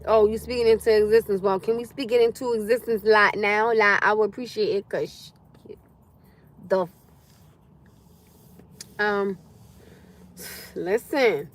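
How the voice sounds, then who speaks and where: With a medium-pitched voice that runs a little slow and includes long pauses, a young livestream host chats loosely with her viewers. She is animated, reads and responds to their comments, and swears freely along the way.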